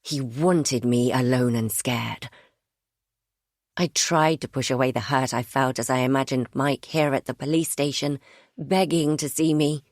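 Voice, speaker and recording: Low-voiced woman narrating a thriller. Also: a little mellow, no room sound, clean studio sound. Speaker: audiobook narrator. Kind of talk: first-person thriller narration.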